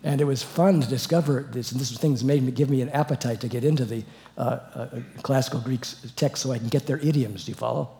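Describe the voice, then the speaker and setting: An older man giving an expository Bible lecture, scholarly and digressive, moving from hushed reading to loud emphatic exclamations. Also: mid-range voice, quick pace, gravelly. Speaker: Bible teacher.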